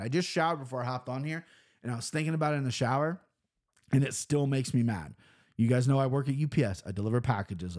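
A young man hosting a casual podcast monologue, brash and profane, swinging between loud outbursts and low mumbled asides. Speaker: podcast host.

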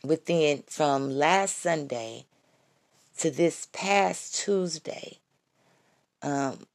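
A woman giving a casual devotional talk to her viewers, excited and repeating her phrases as she calls out to them. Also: sits low, extremely slow. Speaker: Christian vlogger giving testimony.

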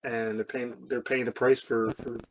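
Casting: offhand male podcast co-host, middle pitch, blunt, thinking out loud, mic far off with echo. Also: flat delivery, normal speed. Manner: offhand, thinks aloud with restarts and swearing. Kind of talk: casual chat.

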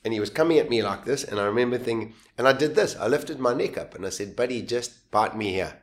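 Guest in his fifties, lively storyteller who acts out the scenes and laughs through them. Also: mid-range voice, quick pace. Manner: vivid, acts out his own lines and voices, laughs while telling. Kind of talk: animated storytelling.

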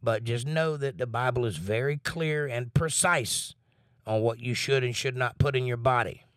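A man leading a Bible study in a mid-pitched voice, reading verses in a slow, deliberate way and stressing the key words. He breaks off with blunt, plain-spoken comments between the verses. The recording is dry and close, with no room sound. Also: a bit bright, no room sound. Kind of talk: reading scripture aloud with commentary.

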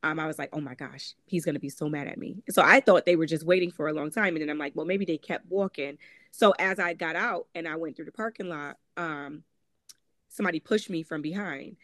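A woman's voice: low voice, brisk, a bit bright, dry recording, studio quality. A woman from Connecticut with a Connecticut accent, telling her personal story candidly as a guest in an interview, with frequent "um" and "like" as she acts out what others said. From Connecticut, USA. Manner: candid, conversational, frequent "um" and "like", acts out quoted voices. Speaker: guest author.

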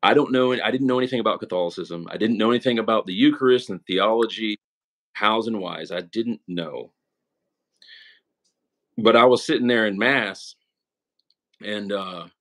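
A man's voice: fairly low pitch, normal speed, long pauses, fairly bright tone. A young man telling his story as an interview guest, casual and earnest, with emotion showing, often tossing in "man" and "right?". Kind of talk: casual conversational testimony.

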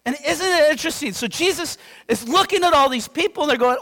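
A man from Yakima preaching a sermon as pastor, animated and conversational, checking in with his listeners. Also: extremely high pitch, fast, hardly any pauses. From Yakima, Washington. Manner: animated, conversational, keeps asking "right?". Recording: long reverb in a hall.

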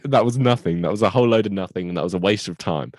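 A man's voice: deep voice, rapid-fire, no room sound. A man co-hosting a podcast, chatting casually in a teasing way and laughing easily. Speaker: podcast co-host. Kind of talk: casual chat about a TV show.

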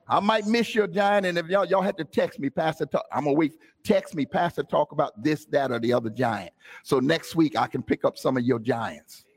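A man preaching a sermon as pastor to his congregation, calling out to them and climbing from talk into shouted, half-sung lines. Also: on the high side, fairly quick, husky. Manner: call-and-response, rising to shouts and sung phrases. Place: church sanctuary.

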